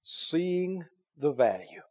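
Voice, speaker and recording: A man preaching a sermon as pastor, reading scripture aloud with animated delivery. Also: on the high side, extremely slow. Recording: dull sound in a long-reverb hall.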